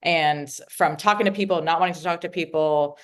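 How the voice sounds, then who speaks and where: A woman's voice: deep voice, fairly quick. A woman interview guest speaking reflectively and openly about her feelings in conversation. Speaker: guest, nonprofit CEO.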